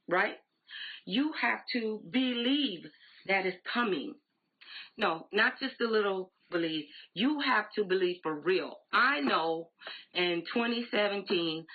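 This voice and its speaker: Brief: emphatic, conversational woman, 40s, on a tinny live stream, a bit husky. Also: medium pitch. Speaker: direct sales team leader. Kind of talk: motivational live-stream talk. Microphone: phone or laptop live stream. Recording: tinny phone-like audio.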